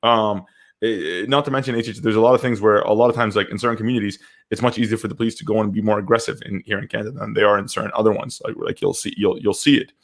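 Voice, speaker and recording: A man's voice: fairly low pitch, steady tone, rapid-fire. A young man co-hosting a podcast, telling personal stories in a candid, rambling way. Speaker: podcast co-host. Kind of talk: casual podcast chat.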